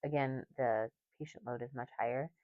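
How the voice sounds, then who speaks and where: A woman with a very deep voice co-hosts a casual podcast. She works in primary care and talks bluntly, with crude humor and plenty of swearing. The recording sounds dull and lo-fi. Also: fairly even intonation, normal speed. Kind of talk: casual chat.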